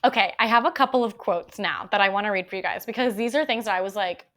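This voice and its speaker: A woman's voice: medium pitch, quick pace, fairly bright tone. Gushing woman reviewing a romance series. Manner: gushing, emotional, repeats herself. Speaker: podcast host. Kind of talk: casual book review chat.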